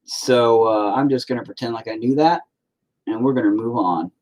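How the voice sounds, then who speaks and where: A man's voice: medium pitch, moderate pace, darkish tone. An American man who hosts his own channel rants casually and profanely while painting, with sarcastic asides. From United States. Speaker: channel host.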